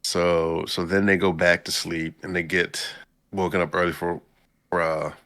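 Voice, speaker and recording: A man with a deep, gravelly voice and a bright, forceful edge recaps the plot in loose, casual chat. He keeps breaking into quick impressions of the characters. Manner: animated storytelling, acts out characters' lines in a higher voice. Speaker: podcast co-host recapping an anime.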